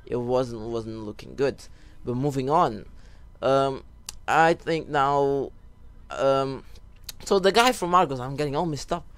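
A young man telling a rambling story while giving casual commentary over a football video game, breaking off for excited goal calls. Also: medium pitch, measured pace, clear, resonant tone. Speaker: gaming YouTuber.

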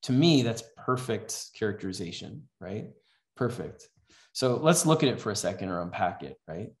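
A man's voice: on the low side, expressive, normal speed. A man teaching a writing class in a casual, conversational way, often checking in with "right?". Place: class in a house. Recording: echoey room.

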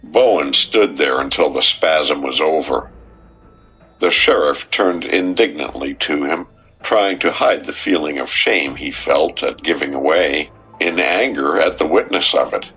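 A man reading a crime story aloud in a measured, scripted narration. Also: a bass voice, a bit bright, husky. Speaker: audiobook narrator. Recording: dull, muffled recording with faint music.

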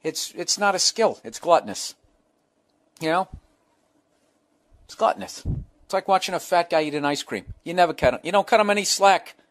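A man's voice: sits high, moderate pace, long pauses. A man hosting a comedy podcast, reading listener letters aloud and breaking in with profane, sarcastic remarks.

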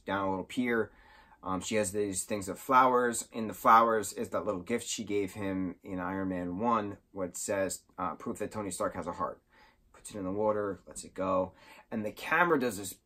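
Excited guy rambling through a movie recap, lowish voice, keeps losing his place. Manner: excitable and rambling, loses his train of thought. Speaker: movie reviewer. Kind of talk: casual spoken film recap.

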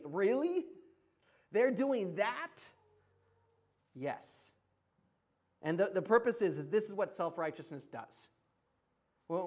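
A man's voice: high-pitched, a little mellow. A man preaching a sermon in a conversational, emphatic way, laughing often between points. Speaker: pastor. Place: church.

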